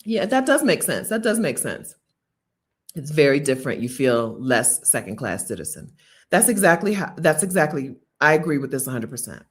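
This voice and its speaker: With a deep voice at normal speed, a U.S.-born travel vlogger in Bogota talks casually to her viewers about her trips. She tells her stories with animation, chatting freely and laughing often.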